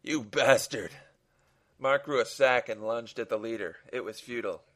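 A man's voice: mid-range voice, brisk, fairly bright tone. A man who hosts a podcast reads his own short story aloud, in an earnest, dramatic manner with a few small restarts.

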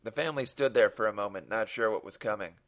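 A man's voice: fairly low pitch, fast talker, a bit bright. A man who hosts a podcast reads his own short story aloud, in an earnest, dramatic manner with a few small restarts.

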